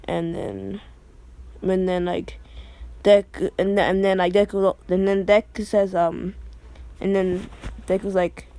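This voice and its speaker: A woman's voice: mid-range voice, fairly even intonation, unhurried, a little mellow, no room sound. Rambling woman improvising a story. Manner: rambling, heavy with fillers and restarts. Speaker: fan storyteller.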